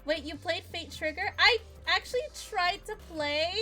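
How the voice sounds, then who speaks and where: A woman's voice: extremely high pitch, moderate pace, pushed and bright, soft background music. A woman streamer giving casual, gushing, giggly gameplay commentary and chatting with her viewers.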